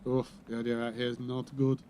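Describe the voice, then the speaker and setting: Man, gameplay livestream, close mic, muttering, dry swearing, medium pitch. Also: completely flat delivery, fairly quick, warm tone, a little hiss or hum. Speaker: streamer. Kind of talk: casual gameplay livestream commentary.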